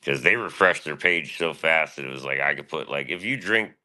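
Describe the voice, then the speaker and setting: A man with an extremely low voice rambles through a casual stream monologue, boastful and full of swearing. His tone has a bright, forceful edge despite the depth. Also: a little fast.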